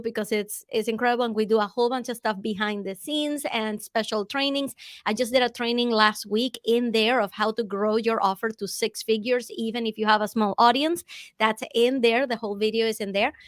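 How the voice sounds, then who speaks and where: A woman with a Boston accent talks as a guest on a video call. She is enthusiastic and chatty, and her voice sits a little high. The sound is dry and close. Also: a bit bright, dry recording. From Massachusetts. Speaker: business coach guest. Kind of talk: casual interview.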